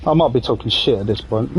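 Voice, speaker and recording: A man in his thirties with an English accent streams a game, chatting in a rambling, jokey way and swearing casually. His voice sits on the high side with a darkish tone, and the audio quality is poor.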